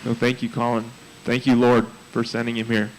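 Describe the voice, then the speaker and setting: A man's voice: mid-range voice, normal speed, poor audio. A man giving an earnest, prayerful memorial tribute for a friend he mentored. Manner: earnest, heartfelt and prayerful, with a fairly flat delivery.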